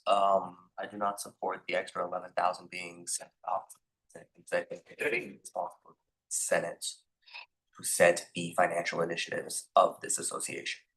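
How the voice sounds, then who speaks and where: A young man stating a formal objection at a student senate meeting in a halting, soft-spoken way. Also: low voice, vocal fry, slightly rough, rough recording. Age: young adult.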